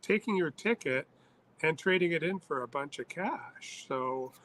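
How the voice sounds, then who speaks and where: A man's voice: on the high side, measured pace, a loud crowd, low-quality recording. A middle-aged man, a guest musician, chatting animatedly in an interview over a video call and laughing as he talks. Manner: animated, laughs while talking. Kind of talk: casual interview chat.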